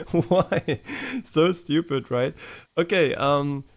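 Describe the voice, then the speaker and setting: Speaking very slowly with a voice on the high side, a man streaming a game keeps it casual and profane, laughing while he pokes fun at a voice assistant.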